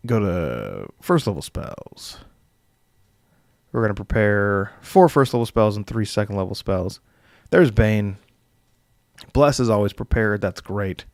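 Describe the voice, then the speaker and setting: A man's voice: fairly low pitch, sing-song, measured pace, vocal fry, darkish tone, no echo, clean studio sound. A young man casually hosting a live stream as dungeon master, rambling with filler words and chuckling as he reads viewer comments.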